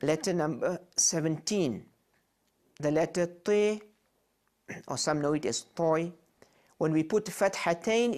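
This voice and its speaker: A man teaching Quran reading, sounding out each letter and syllable slowly and repeating them for learners. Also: a little high, expressive. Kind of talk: slow instructional recitation of letter sounds.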